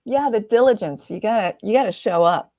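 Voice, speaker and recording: A woman artist chatting casually as an interview guest, animated and quick to laugh, with lots of fillers. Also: mid-range voice, no echo. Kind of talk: casual conversational chat.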